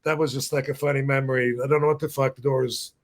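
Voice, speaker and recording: A man's voice: medium pitch, level tone, quick pace. A man in his fifties hosting a podcast, telling a long, wandering story in a casual way, often losing his thread and laughing at his own tales. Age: 50s. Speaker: podcast host.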